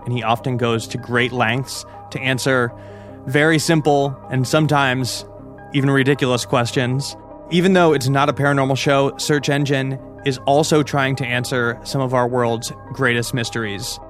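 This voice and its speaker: A man's voice: medium pitch, fairly bright tone. A male podcast host reading a scripted show introduction in an upbeat, friendly way.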